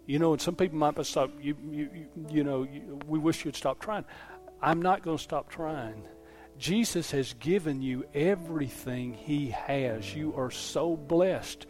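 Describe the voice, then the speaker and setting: A pastor with a fairly high, slightly mellow voice preaches unhurriedly while faint music plays behind him. His sermon is folksy and full of stories, and he keeps asking the congregation "Amen?"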